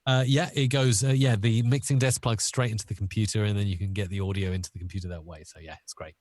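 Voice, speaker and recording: A British man, an audio expert guest on a video call, chatting casually and quickly with plenty of "uh" fillers. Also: on the low side, steady tone, a little mellow, dry recording, clean studio sound. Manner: friendly, quick, with frequent "uh" fillers. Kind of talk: casual interview chat.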